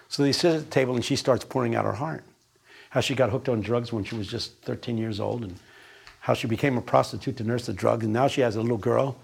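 A man's voice: medium pitch, fast, creaky, husky. An older man preaching a sermon, emphatic and folksy, telling stories with wry asides.

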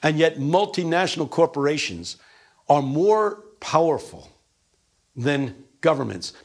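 A man's voice: a little high, measured pace. A man lecturing a class, telling stories and acting out quotes with energy. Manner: animated, storytelling with acted-out quotes.

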